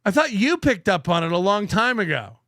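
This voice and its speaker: A man's voice: high-pitched, big pitch swings, a little fast, a bit bright, dry recording, studio quality. A man hosting a show, reacting to clips with sarcastic, profane commentary and frequent laughs.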